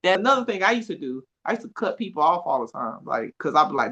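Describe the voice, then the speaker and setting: Animated woman. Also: sits low, quick pace, breathy edge, lo-fi sound. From Atlanta, USA. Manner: animated, expressive storytelling with frequent laughs. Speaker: podcast guest. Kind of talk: casual conversation.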